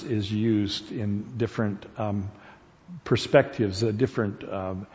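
A man preaching a sermon in a church, halting with fillers and restarts, then pressing points with repetition. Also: fairly low pitch, darkish tone. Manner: grows emphatic and repetitive at points. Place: church sanctuary. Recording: dull lo-fi sound with long hall reverb.

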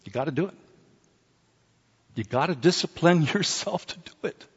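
A middle-aged man preaching a sermon, swinging between loud exclamations and hushed near-whispers, with joking asides. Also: a little high, expressive, moderate pace, husky, big-room sound, highs cut off.

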